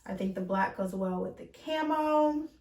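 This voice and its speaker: Talking from the far side of the room in a roomy, distant recording, a young woman does a fashion try-on haul, chatting in a bubbly way with lots of fillers. Her voice is mid-pitched and somewhat dark, animated, at a moderate pace.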